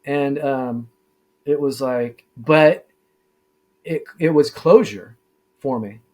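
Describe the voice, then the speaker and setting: Middle-aged guy telling his story, lots of ums and restarts, mid-pitched voice. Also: a little mellow. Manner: halting, many fillers and restarts. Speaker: guest, former deputy sheriff. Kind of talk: casual interview storytelling.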